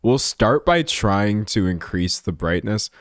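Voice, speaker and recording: A young man streaming live, chatting with his viewers in a joking, self-mocking way. His pitch jumps around a lot. The sound is dry and close, with hardly any room around it. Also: animated, takes it slowly, no echo. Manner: self-deprecating, chatty, laughs often. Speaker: livestreamer. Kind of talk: casual live-stream chat while editing.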